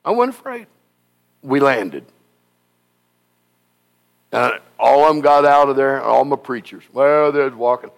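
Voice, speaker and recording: A man preaching a sermon, telling stories in an animated, folksy and emphatic way. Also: mid-range voice, unhurried, creaky, long pauses. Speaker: pastor.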